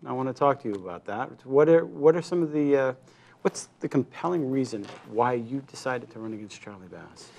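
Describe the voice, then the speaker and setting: A man's voice: medium pitch, animated, a little fast, vocal fry, darkish tone. A man hosting a local interview show, opening with a dramatic scripted intro, then asking questions with many fillers. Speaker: talk show host, state representative. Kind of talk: public access interview show.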